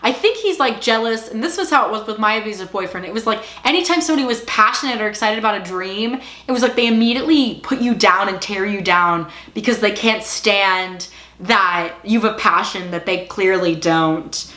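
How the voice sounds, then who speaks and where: This TV reviewer's mid-range voice comes out brisk, pushed and bright, bouncing around an echoey room. She chats through her recap of the series, leaning on "like" again and again, and her exclamations show how emotionally caught up in the plot she is.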